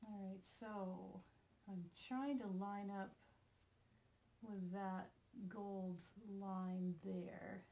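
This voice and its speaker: A woman's voice: mid-range voice, fairly even intonation, very slow, dark tone. A woman from Vermont talking casually while demonstrating a craft project, chatty and self-deprecating, joking with someone off camera. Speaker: craft tutorial host.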